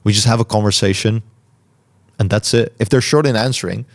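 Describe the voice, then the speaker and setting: A man hosting a podcast, answering listener questions in a calm, reflective way and articulating each word carefully. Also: fairly low pitch, fairly quick. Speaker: podcast host. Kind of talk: solo Q&A talk.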